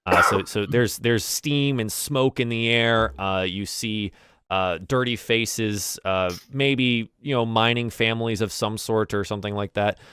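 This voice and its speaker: A man narrating a tabletop game as game master, pausing often to find his words. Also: lowish voice, a bit bright, clean tone, no echo, clean studio sound. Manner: halting, searching for words.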